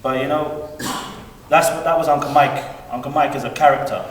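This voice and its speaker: A man's voice: mid-range voice, steady tone, normal speed, fairly bright tone. A man giving a rambling, heartfelt eulogy for his uncle, heard from a distance at a funeral service. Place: large hall at a funeral service. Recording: echoey hall, heard from afar, faint room noise.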